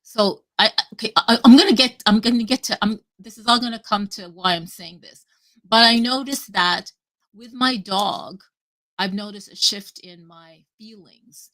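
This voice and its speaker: A woman talking casually and at length on a live audio chat, rambling and animated, cutting herself off and swearing freely. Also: medium pitch, moderate pace. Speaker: guest speaker.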